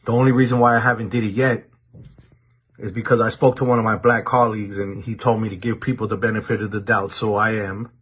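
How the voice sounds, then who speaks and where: Husky-voiced man issuing a stern warning. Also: on the low side, level tone, fairly bright tone. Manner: deliberate warning tone, repeats words as he restarts. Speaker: commentator addressing viewers. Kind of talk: direct-to-camera monologue.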